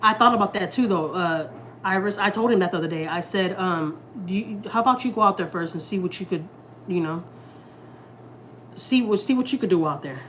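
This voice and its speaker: A woman's voice: mid-range voice, brisk, a bit bright, a little hiss or hum. A young woman from Houston, Texas, talking candidly to viewers about her family. She swears freely and acts out what people said to her. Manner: profane, candid, quotes people in dialogue. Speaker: family vlogger. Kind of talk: casual storytelling to viewers. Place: home kitchen.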